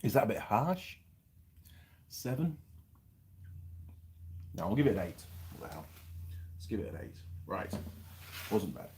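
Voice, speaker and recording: Lively chatty middle-aged man. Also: on the low side, measured pace, vocal fry, pauses often. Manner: chatty, rambling, reads out viewer comments while eating. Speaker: channel host reviewing pies. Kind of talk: casual live-chat vlog.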